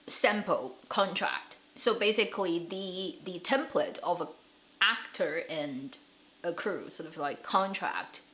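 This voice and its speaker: A woman hosting an online drama commentary channel, chatting casually in an animated, ranting way with frequent laughs and fillers. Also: medium pitch. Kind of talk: casual chat.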